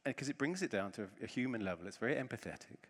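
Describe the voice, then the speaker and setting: A man giving a conference talk, telling a self-deprecating story with lively humor from the stage. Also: mid-range voice, very fast. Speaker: conference speaker. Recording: long reverb of a large hall.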